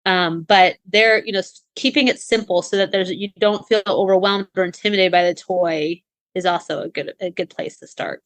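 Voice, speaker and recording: A woman's voice: fairly low pitch, fairly even intonation, normal speed, fairly bright tone, no room sound. A woman co-hosting a podcast, giving casual advice in a chatty way with many fillers and restarts. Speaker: podcast co-host.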